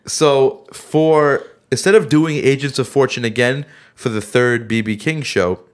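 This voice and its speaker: A man's voice: medium pitch, fairly even intonation, unhurried. A middle-aged man hosting a casual podcast, rambling and interrupting himself as he tells band stories, a little worn from being sick. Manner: rambling, self-interrupting storyteller. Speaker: band member and podcast host. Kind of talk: casual chat.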